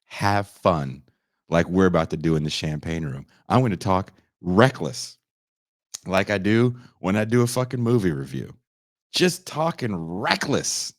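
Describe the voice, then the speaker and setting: A man hosting a podcast, delivering a loud, profane comedic rant that swings into shouting. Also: low-pitched, lively intonation, normal speed, no room sound, studio quality. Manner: loud, swearing, swings into shouting and mock voices. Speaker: podcast host.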